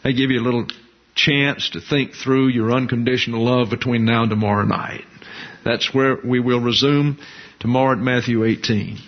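A man preaching a sermon, teaching slowly and deliberately with emphatic repetition and pauses. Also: medium pitch, steady tone, dull audio. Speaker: pastor.

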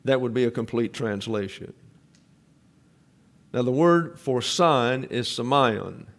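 A man's voice: medium pitch, takes it slowly, a bit bright. Methodical male preacher teaching scripture. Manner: methodical, explains Greek grammar step by step, repeats points. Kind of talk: Bible teaching sermon.

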